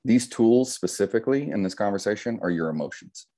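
A man's voice: lowish voice, lively intonation, a little fast, mellow. A middle-aged man in a casual podcast conversation, explaining his views reflectively and often checking in with "right?". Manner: reflective, explains with metaphors, frequent "right?" tags.

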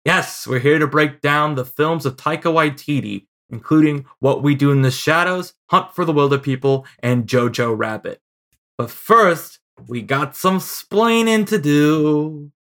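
A man co-hosting a podcast in casual chat, hoarse from illness, joking and laughing often. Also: on the high side, normal speed, fairly bright tone. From Chicago. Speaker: podcast co-host.

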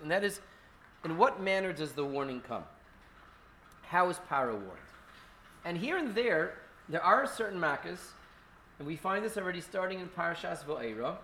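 A man's voice: a little high, a bit bright, a little hiss or hum. A man teaching an informal Torah class at an indoor gathering, speaking in a conversational way full of fillers and restarts.

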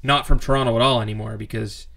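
Gravelly podcast guy, opinionated, emphatic, laughs a lot. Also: medium pitch, fairly even intonation, fast talker, crowd noise. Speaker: podcast co-host. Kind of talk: casual sports chat.

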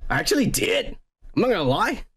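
A man's voice: sits high, big pitch swings, brisk, fairly bright tone, breathy edge. A man from Mexico co-hosting a podcast, bickering and telling stories in casual profane banter. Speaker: podcast co-host.

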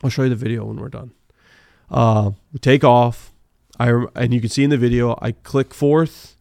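A man telling animated, profanity-laced car racing stories as a podcast guest, full of fillers. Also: mid-range voice, moderate pace, vocal fry, no echo, clean studio sound. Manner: animated, swears freely, many fillers. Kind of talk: casual storytelling interview.

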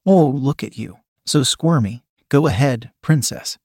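A man's voice: mid-range voice, measured pace, a little mellow, dry recording, clean studio sound. A man voicing a smug, condescending man who teases. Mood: teasing. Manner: condescending, teasing. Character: smug teasing dominant man.

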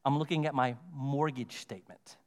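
A pastor voicing a fretful churchgoer. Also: male voice, mid-range voice, fairly even intonation, moderate pace, voice pushed down, lightly acted. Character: anxious churchgoer fretting over money.

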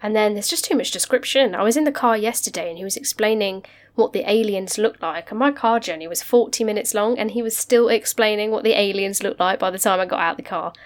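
A young woman chats casually as a podcast co-host. She talks in a mid-range voice and tells lively, rambling stories, laughing often as she goes. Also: medium pitch, brisk. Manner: chatty, animated storytelling with frequent laughs. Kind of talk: casual chat.

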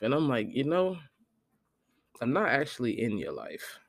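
A podcast host telling a profane, animated story in a casual monologue, quoting the people in it. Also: male voice, mid-range voice, a little fast, creaky. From Florida.

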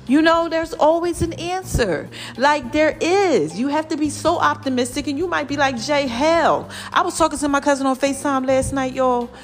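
A young woman talks straight to her viewers in a loose, animated vlog style. Her voice sits a little high for a woman, and she slips into a preachy, testifying tone. She keeps calling her audience y'all and child. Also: normal speed, hardly any pauses, soft background music. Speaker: vlogger sharing a health testimony. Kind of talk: casual chat to viewers.

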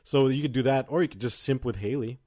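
A young man co-hosting a pop-culture podcast in casual chat, relaxed and loose, laughing often. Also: medium pitch, quick pace. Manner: laid-back, laughs often, loose filler-heavy talk. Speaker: podcast co-host.

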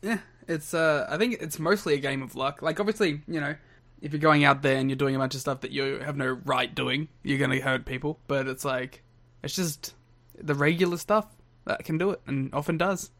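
A man's voice: fairly high pitch, normal speed, a bit bright. A man co-hosting a podcast, talking in a rambling casual way and laughing often. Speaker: podcast co-host. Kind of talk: casual chat.

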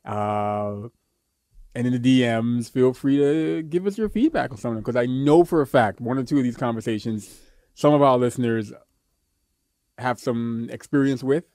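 A man's voice: mid-range voice, moderate pace, a little mellow, no room sound, studio quality. A young man co-hosting a podcast in casual chat, rambling and joking with lots of fillers and restarts. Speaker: podcast co-host.

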